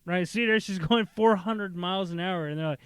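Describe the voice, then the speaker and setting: Podcast host, male, casual rambling storyteller who slips into character voices; voice sits a little high and sounds smooth and clear. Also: a bit bright, dry recording. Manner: rambling, acts out characters in quick bursts. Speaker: podcast host pitching movie ideas.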